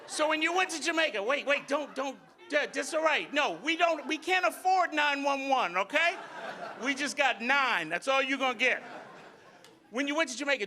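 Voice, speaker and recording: A man doing loud, profane stand-up comedy on a club stage and teasing the audience. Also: very high-pitched, animated, moderate pace, some chatter behind. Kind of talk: live stand-up comedy with crowd work.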